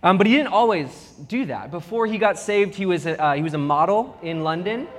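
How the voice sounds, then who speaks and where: A young man preaching a sermon as pastor, with animated, humorous storytelling. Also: high voice, fairly quick. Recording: long reverb of a big hall.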